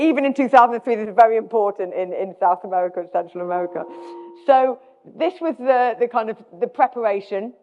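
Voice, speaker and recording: A middle-aged British woman with a British accent, giving a self-deprecating live talk as a guest speaker, often restarting her sentences. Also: on the high side. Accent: British English. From Britain. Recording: dull sound with long hall reverb.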